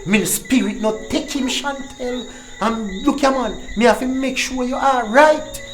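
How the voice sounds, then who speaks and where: A man's voice: extremely high pitch, unhurried. An actor with a Jamaican accent playing a stern, protective Rastafarian father who lectures insistently. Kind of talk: film drama dialogue in patois. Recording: echoey room with music behind.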